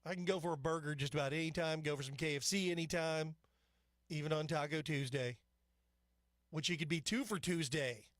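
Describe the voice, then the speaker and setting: A male talk-radio host, his voice a little high for a man and a bit bright, rambles fairly quickly through the news and his own asides in an opinionated, chatty way. He's recorded dry and close on a studio microphone with no room sound.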